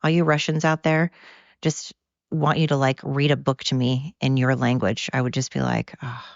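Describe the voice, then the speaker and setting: American accent, podcast host, rambling and cursing, tired, gravelly voice, dull dry lo-fi recording. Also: medium pitch, flat delivery, moderate pace, dry recording. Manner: rambling, profane, goes off on tangents. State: tired from overwork. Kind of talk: casual rambling monologue.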